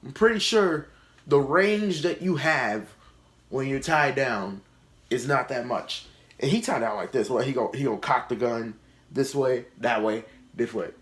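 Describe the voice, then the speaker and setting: A man's voice: mid-range voice, measured pace. A male comedian reviews a TV season in a casual vlog. He is blunt and sarcastic and swears freely. His mid-range voice stays conversational. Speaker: YouTube comedian reviewing a TV show.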